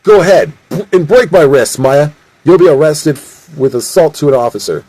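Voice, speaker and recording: A man voicing a gruff, bossy male sheriff in a stilted read-aloud way. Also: on the high side, animated, normal speed, a little mellow, no echo, pitched above the performer's own voice, rough recording.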